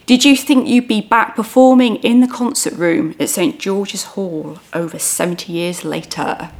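A woman interviewer with a mid-range voice reads a smooth, prepared introduction before turning to her guest with questions. Her delivery is steady and even. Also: medium pitch, unhurried. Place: hotel book room, indoors.

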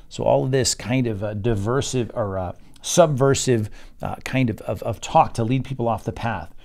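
A man's voice: mid-range voice, normal speed, gravelly, a little mellow. Man teaching Bible study, thinking aloud. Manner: thinking aloud with frequent uh and repeated words; reads scripture aloud then explains it.

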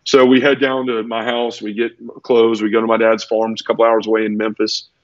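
A man speaks in a fairly low voice as an interview guest, earnest and close to tears, stumbling through restarts and repeated words. The sound is dull and lo-fi, with a dry, close feel and no room echo. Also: monotone, fairly quick. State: teary. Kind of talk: emotional personal storytelling in conversation.

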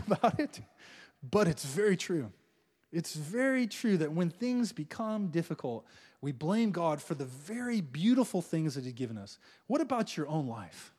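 A middle-aged male pastor delivers a sermon in a notably high voice that leaps all over the place. He is playful and animated, slipping into the voices of people grumbling at God and chuckling as he goes. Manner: animated, playful, acts out quoted prayers with laughs.

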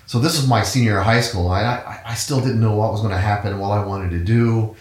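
A man with a fairly low voice chats about his past in an easy, rambling way. He often circles back and restarts his sentences. The sound has a noticeable room echo. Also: fast, darkish tone. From Cincinnati, USA. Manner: rambling storyteller with frequent restarts and fillers. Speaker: guest musician, trumpet player. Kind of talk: casual conversational interview.

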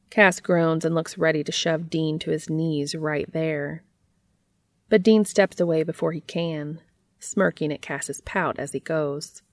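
A woman reading fan fiction aloud in a steady, intimate storytelling manner. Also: fairly low pitch, creaky, no room sound.

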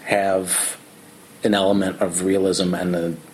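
Man, very low voice, measured, reflective, casual podcast chat. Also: level tone, a little mellow, poor audio. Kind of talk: casual book discussion.

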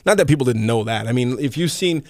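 A man hosting his own podcast in casual chat, rambling and animated, with lots of fillers and the odd curse. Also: mid-range voice, fast talker, no echo, studio quality. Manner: rambling, animated storyteller with frequent fillers and profanity. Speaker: podcast host.

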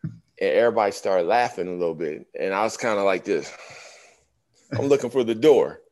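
In a relaxed interview, a fifty-something ex-pro basketball player narrates stories with lots of animation, impersonating the people he quotes. His pitch is fairly low and he talks fairly quickly.

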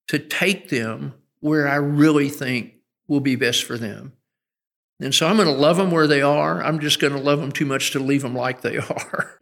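A man's voice: fairly high pitch, gravelly, a bit bright. A middle-aged man speaking as a guest educator in an interview, an earnest storyteller who often restarts his sentences. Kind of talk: conversational interview. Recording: long hall reverb.

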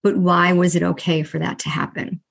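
A woman's voice: fairly low pitch, brisk, vocal fry. A woman hosting a podcast, telling a personal story and acting out the dialogue with emphasis. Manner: lively retelling with quoted dialogue. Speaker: podcast host.

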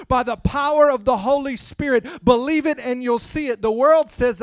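High-voiced preacher, quiet to loud. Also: male voice, normal speed, hardly any pauses, smooth, no room sound, studio quality. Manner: calls out to the congregation. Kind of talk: sermon.

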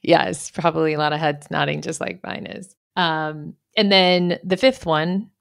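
A woman's voice: sits low, steady tone, unhurried, creaky, smooth. A woman hosting a podcast interview who responds supportively and asks short questions between her guest's points. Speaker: podcast host.

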